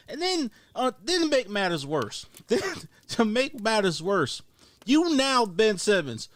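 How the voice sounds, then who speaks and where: A man's voice: very high voice, no echo, studio quality. A man, co-hosting a sports podcast, ranting emphatically and repeating his points as he builds up steam. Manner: emphatic, repetitive, rising to near-shouting on points. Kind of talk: heated sports talk rant.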